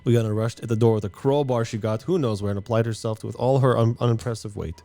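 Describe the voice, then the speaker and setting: A man with an ordinary mid-range voice reads game text aloud in a relaxed let's play. He breaks off to chat and joke between lines. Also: medium pitch, quick pace. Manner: reads narration and chats with laughs.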